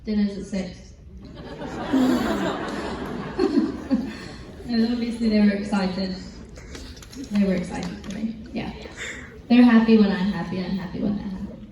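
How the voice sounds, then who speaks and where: A woman's voice: mid-range voice, steady tone, slow pace, pauses often. A teenage girl with an English accent answering fan questions at a convention panel, chatty and giggly, rambling with lots of fillers. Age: teens. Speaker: actress, panel guest. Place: large convention hall. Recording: echoey hall from far off, faint noise.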